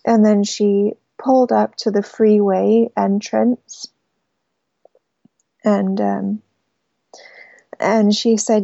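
Halting young woman caller, gravelly voice. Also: mid-range voice, flat delivery, dark tone, no room sound, muffled recording. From United States. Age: young adult. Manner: halting, hesitant storytelling with restarts. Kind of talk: call-in personal story.

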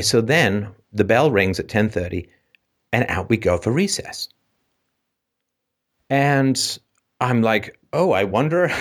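A man from England with an English accent, hosting a call-in show and telling animated stories from his childhood, laughing often. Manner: animated, laughs often, jumps into a high voice for emphasis. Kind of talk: anecdotal storytelling.

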